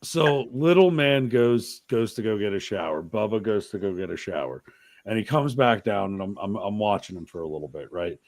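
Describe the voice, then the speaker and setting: A man's voice: lowish voice, animated, moderate pace, a little mellow, no echo. A man hosting a podcast, chatting casually and telling stories animatedly, swearing freely. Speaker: podcast host. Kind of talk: casual chat.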